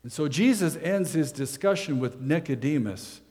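A man's voice: fairly high pitch, expressive, moderate pace, mellow. A man preaching a sermon as pastor, in a conversational style that leans on rhetorical questions. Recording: long hall reverb.

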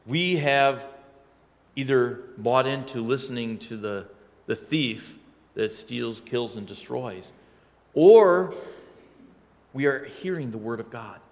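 A man's voice: mid-range voice, lively intonation, slow pace, long pauses, big-room sound. A male pastor preaching a sermon in a conversational, storytelling way that now and then swells into emphatic lines.

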